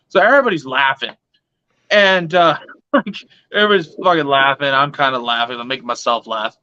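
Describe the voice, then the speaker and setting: Rambling, profane man with a bright voice. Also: medium pitch, a little fast, clear, resonant tone, no room sound, muffled recording. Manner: rambling, swearing, with many fillers; acts out the other people's lines. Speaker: storyteller at an open mic. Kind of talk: profane comic storytelling.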